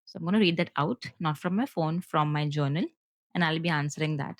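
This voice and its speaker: A woman with an Indian accent, hosting her podcast solo and talking fast and earnestly to her viewers, with frequent fillers. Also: deep voice, dry recording. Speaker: podcast host.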